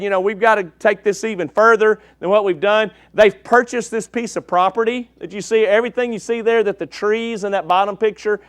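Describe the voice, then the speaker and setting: A man from East Texas preaches a slide-show sermon, joking and folksy with the congregation and checking in with "okay?". His voice is high and a bit bright, with no room sound.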